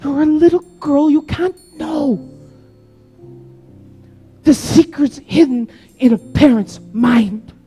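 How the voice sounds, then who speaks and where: A man voicing a gentle policeman softly reassuring a little girl. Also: very high-pitched, slow, pauses often, faint music behind, voice pushed up. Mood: tender. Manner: soft, reassuring. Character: gentle male policeman comforting a child.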